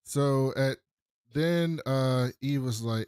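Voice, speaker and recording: A man's voice: medium pitch, steady tone, slow, a little mellow, clear, resonant tone, no room sound, studio quality. A man co-hosting a podcast, retelling scenes in casual slang with profane asides. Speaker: podcast co-host. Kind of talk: casual recap chat.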